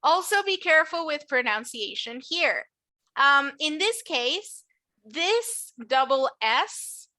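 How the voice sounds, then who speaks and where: A woman with a high, bright voice leads a classroom pronunciation drill. She is a native Spanish speaker teaching English, and she speaks slowly and patiently, enunciating each word and encouraging her students. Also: big pitch swings.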